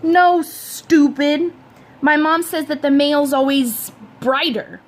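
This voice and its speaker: A cocky schoolboy, voiced by a woman reader tosses off teasing lines. It is a storybook read-aloud in a fairly high voice. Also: moderate pace, natural voice. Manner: offhand and teasing.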